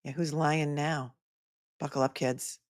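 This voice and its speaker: A woman attorney hosting live trial commentary, reacting with sarcastic, animated asides. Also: low-pitched, a little slow, no echo, studio quality.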